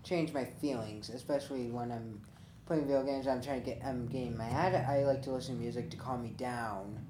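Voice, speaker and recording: A man's voice: mid-range voice, fairly even intonation, brisk, dark tone. A man talking in a casual group discussion, hesitant and repeating words as he goes. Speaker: discussion participant. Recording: roomy with noticeable background hiss.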